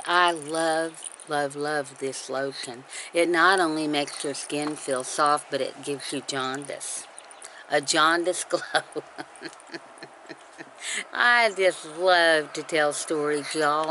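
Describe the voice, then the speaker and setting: Low-voiced woman telling a story. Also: a little slow, low-quality recording. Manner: chatty, repeats herself, laughs at her own story. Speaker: storytelling vlogger. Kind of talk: casual storytelling. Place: home porch. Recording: steady background noise.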